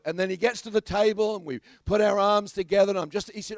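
Australian man, pastor preaching, animated storytelling, higher voice, dry close sound. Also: quick pace, hardly any pauses, no echo. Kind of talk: sermon.

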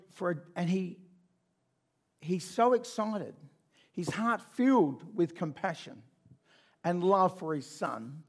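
A man preaching, retelling a story in a conversational, animated way with asides to listeners. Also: high-pitched, breathy edge. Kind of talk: sermon storytelling.

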